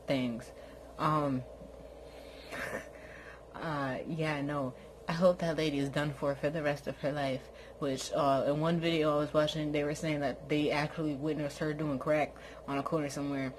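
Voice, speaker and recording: A woman's voice: a little hiss or hum, rough recording. A woman ranting in a casual, exasperated and sarcastic way to her viewers from home. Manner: exasperated, sarcastic, mocks others in high put-on voices. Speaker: vlogger. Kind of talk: casual rant to camera. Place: at home, lying in bed.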